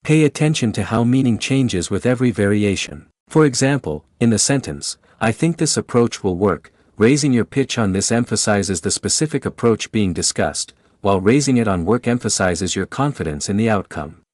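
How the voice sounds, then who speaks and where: A man giving scripted, measured, instructive narration about speaking skills. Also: lowish voice, expressive, darkish tone, no echo, studio quality.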